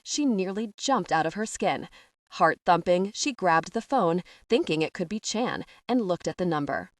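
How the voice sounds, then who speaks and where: Woman reading an audiobook, even and steady, dry sound a bit far off. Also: lowish voice, dry recording. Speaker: audiobook narrator. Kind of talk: scripted narration.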